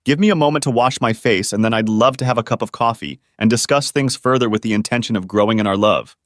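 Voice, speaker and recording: A man's voice: medium pitch, quick pace, fairly bright tone, no room sound, clean studio sound, natural voice. A man reading the lines of a young woman who tearfully apologizes to her partner, in a pleading, remorseful way, with no change to his own voice.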